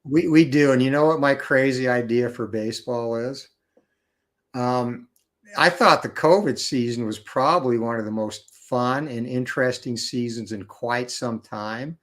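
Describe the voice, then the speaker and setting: A male guest in a casual chat who explains things in a steady, knowledgeable way. He talks at a middling pitch and often fills pauses with "uh" and "you know".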